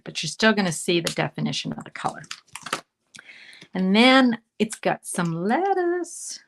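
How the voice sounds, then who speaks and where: Here a woman from Canada runs a laid-back card-making demo live, narrating her thoughts as she colors and regularly slipping into a hushed murmur. Her voice is deep and creaky, with a little background noise present.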